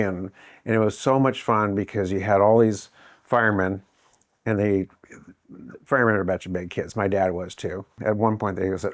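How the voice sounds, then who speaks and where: A man's voice: fairly low pitch, fairly even intonation, normal speed, dry recording, clean studio sound. A middle-aged man from Southern California being interviewed, telling a rambling family story and acting out the quoted dialogue. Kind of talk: casual storytelling.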